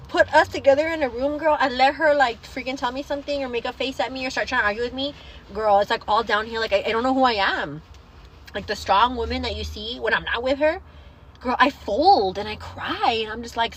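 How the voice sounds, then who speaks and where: A young woman hosting a casual livestream, chatting to viewers and telling stories in an animated way. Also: sits high, slight background noise, poor audio. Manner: chatty, animated storytelling, calls viewers girl. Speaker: livestream host.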